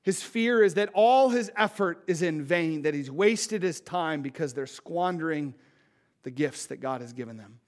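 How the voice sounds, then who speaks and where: A high-pitched man delivers a sermon with real urgency. He pleads with his listeners, sinking to a near hush before building back up to loud, emphatic peaks. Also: lively intonation, normal speed. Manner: impassioned, pleading, swings from hushed to loud. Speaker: pastor.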